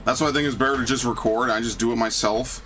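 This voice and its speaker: Rambling profane young gaming host. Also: male voice, mid-range voice, steady tone, quick pace, fairly bright tone, slight background noise. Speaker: gaming YouTuber. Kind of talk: casual let's-play commentary.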